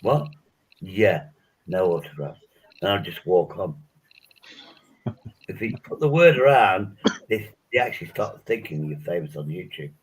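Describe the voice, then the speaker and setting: A man's voice: deep voice, lively intonation, moderate pace, breathy edge, poor audio. A man in a casual group chat, rambling through jokes and wild hypotheticals with plenty of swearing.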